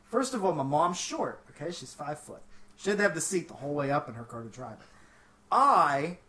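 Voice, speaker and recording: A man from the Pittsburgh area, casually telling a long story on a podcast, animated and swearing freely. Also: a little high, a little fast, recorded from a distance. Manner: animated, swears freely, acts out quotes in raised voices.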